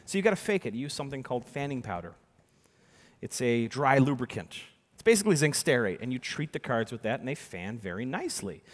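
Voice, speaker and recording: Animated man telling a story. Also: mid-range voice, fast. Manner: animated storyteller, acts out voices, swings from hushed to loud. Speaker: keynote speaker and magician. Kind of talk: storytelling keynote talk. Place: large conference hall. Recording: reverberant conference hall.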